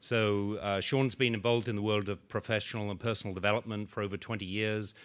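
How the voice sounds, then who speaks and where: A man introducing a speaker at a conference, in a measured, slightly halting way, on a stand microphone in a conference hall. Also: fairly low pitch, steady tone, clean tone.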